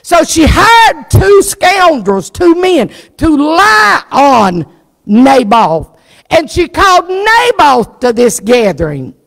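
A woman's voice: sits high, wildly swooping pitch, takes it slowly, gravelly. A woman pastor preaching a sermon, telling the story with fervour. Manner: fervent storytelling preacher who acts out the story's characters. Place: church. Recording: reverberant church sanctuary.

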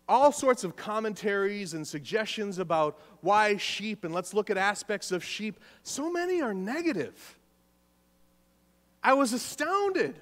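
A pastor delivers a sermon in a light, high-pitched male voice. He is emphatic, circling back to key phrases and questioning the congregation directly. The sound carries a long, lingering reverb from the church sanctuary. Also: fairly bright tone.

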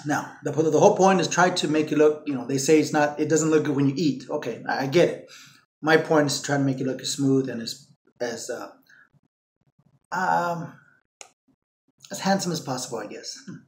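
A man's voice: a little high, moderate pace, pauses often, a little mellow, reverberant, slight background noise. A man making a casual solo vlog, rambling with many fillers and repeats while he eats and talks with his mouth full. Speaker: vlogger.

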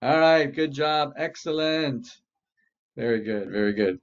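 A man's voice: medium pitch, expressive, measured pace. A man, a therapist, leading an exposure exercise in a webinar and coaching participants in an encouraging way. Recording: dull lo-fi webinar audio.

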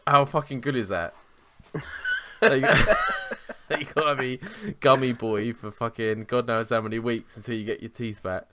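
A man's voice: medium pitch, huge pitch swings, a little slow, crowd noise. A young man, co-hosting a podcast and telling rambling, sweary, self-mocking stories in casual chat. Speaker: podcast co-host.

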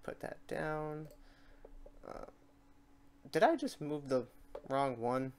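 A man hosting a software tutorial, thinking aloud and muttering to himself as he works through his own mistakes. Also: fairly high pitch, big pitch swings, slow pace, smooth. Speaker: tutorial host. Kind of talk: casual screen-recorded tutorial.

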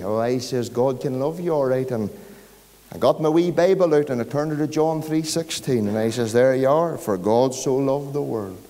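A man's voice: medium pitch, moderate pace, dark tone. A man with a Northern Irish accent preaching an evangelistic sermon, telling a story and rising to emphatic peaks. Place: large church hall. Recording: church hall reverb.

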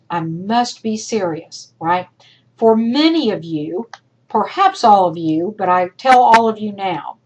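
A woman college instructor recording feedback for her class, emphatic and encouraging, talking straight to her students, her voice worn and going hoarse. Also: on the high side, poor audio.

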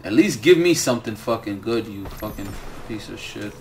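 A man's voice: on the low side, expressive, moderate pace, slight background noise. A young man streaming a game, ranting and swearing about the loot he gets. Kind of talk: live gaming commentary.

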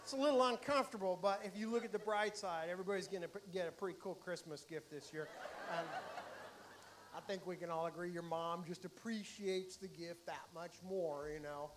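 A middle-aged man doing a stand-up comedy set, with animated, mock-excited storytelling to a live audience. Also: high-pitched, normal speed, a little hiss or hum.

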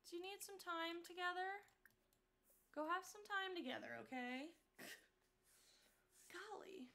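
High-pitched woman streaming a life sim. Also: moderate pace. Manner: animated, talks to the game characters. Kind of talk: live gameplay commentary.

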